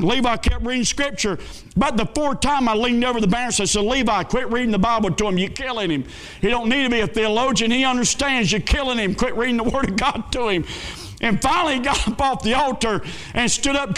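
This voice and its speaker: A male pastor, telling a folksy story in a sermon with dramatic swings between excited and hushed. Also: sits high.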